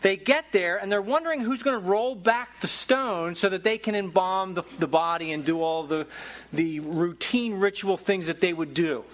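A man preaching a sermon as pastor, telling stories in a lively, folksy, humorous way. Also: sits high, normal speed. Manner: animated storytelling with folksy humor.

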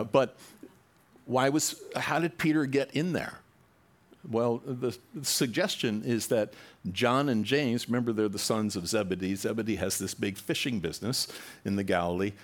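A man preaching a sermon, reading scripture and breaking off into conversational asides and rhetorical questions to the congregation. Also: lowish voice. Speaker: pastor.

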